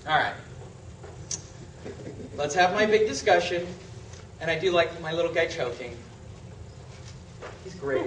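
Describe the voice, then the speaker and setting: A man teaching a seminar to real estate agents, emphatic and animated, asking and answering his own questions. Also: fairly high pitch, a little hiss or hum. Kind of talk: seminar lecture. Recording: echoey room from a distance.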